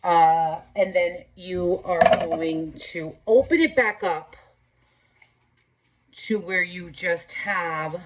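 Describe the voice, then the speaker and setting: A woman's voice: lowish voice, slow pace, muffled recording. Chatty woman giving a craft tutorial. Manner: chatty, many ums and likes, step-by-step instructions.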